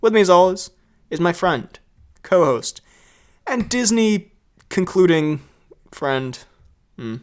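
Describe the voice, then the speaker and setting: Giggly, high-voiced young podcast host. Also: male voice, expressive, slow pace, long pauses, a little mellow, clean tone. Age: young adult. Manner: rambling, giggly, lots of "like". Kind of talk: casual chat. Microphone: makeshift mic setup that sounds a bit off.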